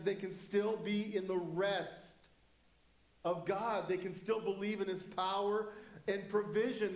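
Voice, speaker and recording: A high-pitched male pastor delivers an impassioned sermon, slowly and deliberately. His emphatic preaching rings through an echoey church room.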